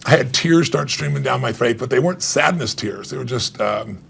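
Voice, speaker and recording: A middle-aged man, an author being interviewed, telling an emotional story with animated retold dialogue and frequent laughs. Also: medium pitch, a little fast, gravelly, husky. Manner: animated, acts out quoted dialogue, laughs often. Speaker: author and guest.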